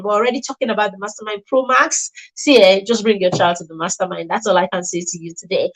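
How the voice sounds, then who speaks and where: A woman's voice: medium pitch, fairly even intonation, fast talker, few pauses, rough recording. A woman hosting and promoting a children's mentorship program, talking in an emphatic, persuasive way and repeating her key points. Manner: emphatic and repetitive, stressing key words.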